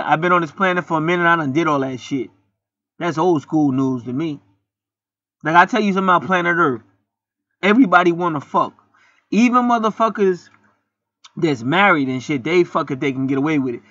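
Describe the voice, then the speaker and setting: A man's voice: on the high side, sharp tone, no echo. A man hosting a spiritual channel, delivering a blunt, profane, rambling monologue full of restarts. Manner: blunt, preachy, heavy swearing, rambling with restarts. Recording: dull lo-fi dry recording.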